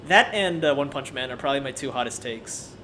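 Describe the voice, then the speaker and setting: A man giving a casual, animated and profane ranting review, often restarting his sentences. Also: medium pitch, fairly quick, slight background noise. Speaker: anime video creator.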